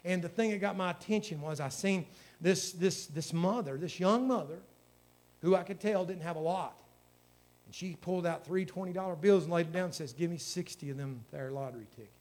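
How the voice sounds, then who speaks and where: Male pastor, high voice, folksy storytelling sermon, fervent. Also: moderate pace, a little mellow.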